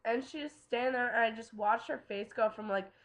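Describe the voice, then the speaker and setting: A woman's voice: fairly high pitch, normal speed, loud music behind the voice. A young woman casually telling a personal story to camera, chatty and full of "like" and "um". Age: young adult. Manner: chatty, lots of "like" and "um" fillers. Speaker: vlogger.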